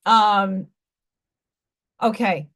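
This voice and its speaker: A woman's voice: medium pitch, extremely slow, a bit bright. A woman hosting a live stream, telling stories in a rambling, candid, blunt way. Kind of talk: casual chat.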